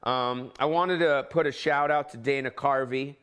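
A man's voice: medium pitch, normal speed, smooth. A man hosting his own podcast, ranting casually from home with heavy swearing and sudden mock voices. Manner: profane, animated, jumps into mock voices. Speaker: podcast host. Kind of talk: casual solo rant.

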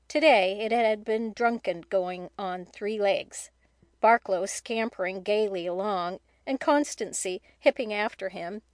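A woman's voice: medium pitch, no room sound. Woman narrating an audiobook in a dry voice. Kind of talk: audiobook narration of a children's novel.

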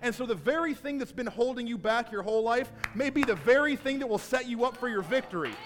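A man preaching a sermon to a congregation in a church, telling Bible stories and building to a shouted call to action. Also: very high-pitched, expressive, quick pace. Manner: builds from storytelling to shouted exhortation. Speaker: pastor. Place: church sanctuary. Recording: long hall reverb.

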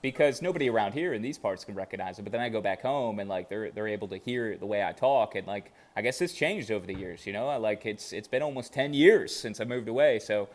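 A man's voice: fairly low pitch, fast talker, few pauses. A young adult man from Chicago co-hosting a sports podcast, telling stories with lots of energy in casual chat. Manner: energetic, animated storytelling. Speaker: podcast co-host.

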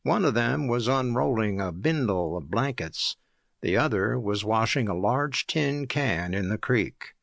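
A man reading an audiobook aloud as narrator, in a measured, even storytelling manner. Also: medium pitch, vocal fry, no room sound, studio quality. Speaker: audiobook reader.

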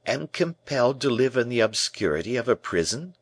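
A man's voice: medium pitch, very animated, a little fast, dry recording, pitched above the performer's own voice. A man reading the part of a proud, earnest young male prisoner who presses with searching, defiant questions.

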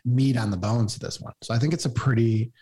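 Husky guy giving blunt opinions, casual. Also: mid-range voice, quick pace, mellow. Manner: frank, opinionated. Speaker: podcast co-host. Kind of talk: casual chat.

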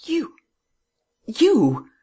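A reader voicing a male gentleman thief who is weak from his ordeal, speaking in stammering, incredulous questions. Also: mid-range voice, moderate pace, slightly rough, lightly acted. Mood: stunned. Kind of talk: audiobook dialogue reading.

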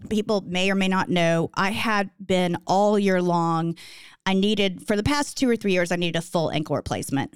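A woman's voice: lowish voice, smooth, dry recording, studio quality. A woman in her fifties chatting candidly as a podcast guest, laughing often. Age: 50s. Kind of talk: casual chat.

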